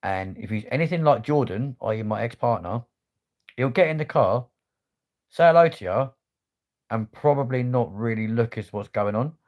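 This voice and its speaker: A man's voice: medium pitch, animated, normal speed, darkish tone. A man chatting casually on a livestream, swearing freely in laddish banter. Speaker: livestream host.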